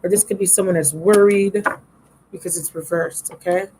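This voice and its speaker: A woman's voice: on the low side, steady tone, normal speed, warm tone, a little hiss or hum, poor audio. Drowsy, chatty woman reading tarot. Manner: chatty, affectionate, talks to viewers. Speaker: tarot reader. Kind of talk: casual live-stream tarot reading. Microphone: laptop microphone.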